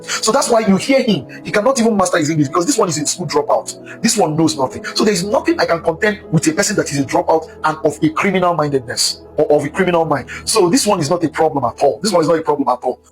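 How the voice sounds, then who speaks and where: A man's voice: a little high, animated, quick pace, soft background music, rough recording. A man giving impassioned, preachy commentary, hammering his points with repetition. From Nigeria. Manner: emphatic, preachy, repeats points.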